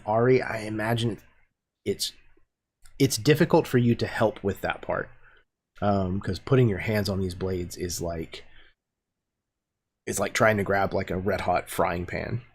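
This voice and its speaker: A man running a tabletop game as game master, narrating scenes in a descriptive, unhurried way with many fillers. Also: low voice, slightly rough.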